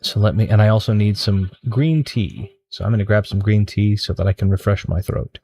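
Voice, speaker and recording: A man's voice: lowish voice, a little fast, warm tone. Hesitant, rambling male streamer. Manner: hesitant, rambling, self-correcting. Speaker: streamer host. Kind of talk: casual live-stream chat. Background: background music.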